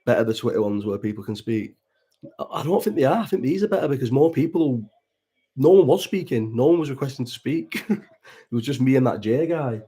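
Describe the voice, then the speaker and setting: A warm, mid-range voice with a breathy edge and lively intonation belongs to a Bolton-born livestream host in his thirties, speaking a little fast in his Bolton accent. He chats and rambles casually during a watch-along, cursing freely and replying to the chat.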